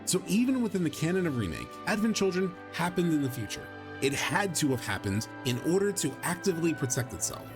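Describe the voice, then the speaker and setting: A man giving scripted narration for a video essay in an explanatory, measured way. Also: on the high side, sing-song. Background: music.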